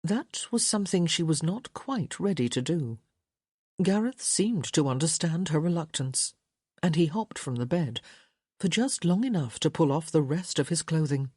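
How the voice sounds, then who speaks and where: A woman reading a romance audiobook in a slow, soft, intimate manner. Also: low-pitched, expressive, husky, no echo, clean studio sound. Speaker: audiobook narrator. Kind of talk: scripted romance audiobook narration.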